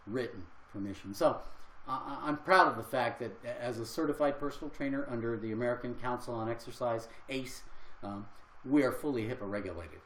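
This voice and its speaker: A man's voice: medium pitch, roomy sound, rough recording. An older man and health coach talking casually on a livestream, earnest and rambling with fillers.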